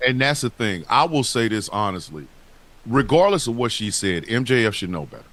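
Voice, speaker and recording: Man, podcast co-host, profane, emphatic, very animated pitch, casual wrestling talk. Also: fairly quick.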